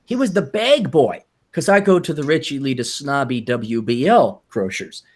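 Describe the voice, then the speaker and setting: A man co-hosting a casual podcast chat, telling sardonic, profane stories and jumping into high mocking voices to quote people. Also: moderate pace. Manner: animated storyteller, jumps into high mocking voices when quoting people. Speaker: podcast co-host.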